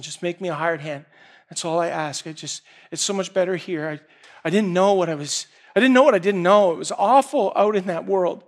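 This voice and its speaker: A man with a rather high voice delivers a sermon. He tells the story dynamically, sometimes hushed and intimate, sometimes loud and urgent. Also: a little fast. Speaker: preacher.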